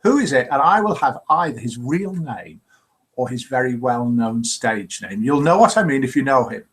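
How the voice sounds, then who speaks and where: A man's voice: mid-range voice, animated, moderate pace, fairly bright tone. A man hosting a live show, playfully reading viewer comments aloud and chuckling.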